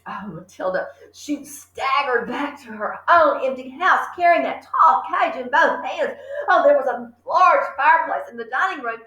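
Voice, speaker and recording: Animated teacher-reader, high bright voice, story-time asides, echoey room. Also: female voice, normal speed. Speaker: teacher reading aloud. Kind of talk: children's story read-aloud.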